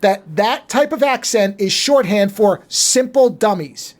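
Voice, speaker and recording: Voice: medium pitch, unhurried. A podcast co-host in casual chat who argues firmly and insists on finishing the point.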